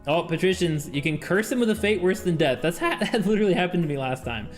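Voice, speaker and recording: A man voicing a scheming male wizard in a game, in a measured, conspiratorial manner. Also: high voice, expressive, faint music behind.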